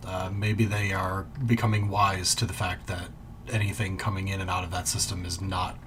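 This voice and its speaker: A man's voice: deep voice, little pitch movement, moderate pace, background noise. A man narrating a tabletop space game as game master, joking and laughing easily.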